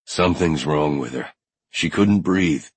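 A man voicing a panicked young man who gasps out his words, in a deep, husky voice. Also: lively intonation, measured pace, no room sound, full character voice. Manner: gasping, wheezing.

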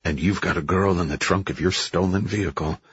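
A man's voice: sits low, fairly even intonation, fairly quick, fairly bright tone, husky, dry recording, highs cut off, full character voice. A man narrating who voices a young police officer, earnest and strained under pressure.

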